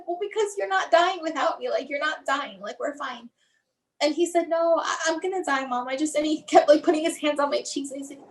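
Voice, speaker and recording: A woman in her forties, a bereaved mother and guest, telling a personal story in a soft, emotional, halting way. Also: high-pitched, rough recording.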